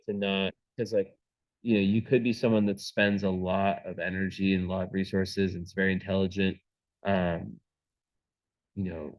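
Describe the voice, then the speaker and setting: A man's voice: on the low side, poor audio. Rambling man giving an astrology reading. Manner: rambling, many fillers and restarts.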